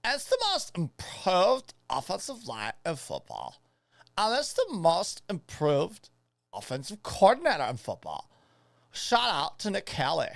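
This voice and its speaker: A man's voice: high voice, wildly swooping pitch, measured pace, vocal fry, dry recording, exaggerated voice. A man putting on a brash Boston-accented football pundit. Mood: hyped. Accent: put-on Boston. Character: excitable male football pundit in a jokey put-on voice.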